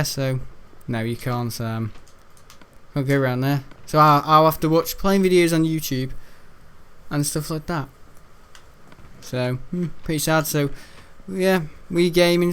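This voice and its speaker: A British man rambling through casual gaming commentary, chuckling often and jumping up in pitch when he's incredulous. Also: unhurried, smooth. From United Kingdom. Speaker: gaming YouTuber.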